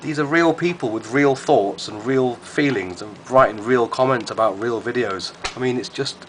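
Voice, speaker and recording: A man's voice: mid-range voice, normal speed, slight background noise. A man chatting to camera in a rambling, effusive vlog, repeating himself as he goes. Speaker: vlogger. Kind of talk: casual chat to camera.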